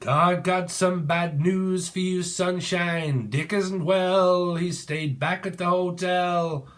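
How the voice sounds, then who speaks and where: A man doing a slow menacing heavy. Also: high-pitched, fairly even intonation, pitched above the performer's own voice.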